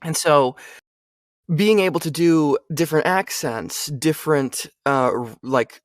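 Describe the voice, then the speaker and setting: A man's voice: fairly high pitch, measured pace, no echo, clean studio sound. A young adult man, a voice actor, chatting casually in an interview with lots of fillers. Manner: animated, chatty, frequent fillers. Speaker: voice actor guest.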